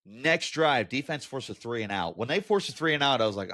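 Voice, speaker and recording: A man's voice: mid-range voice, lively intonation, a little fast, bright, forceful tone. A man hosting a sports commentary show, talking candidly and animatedly through a team's loss, with exasperated asides. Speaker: sports podcast host.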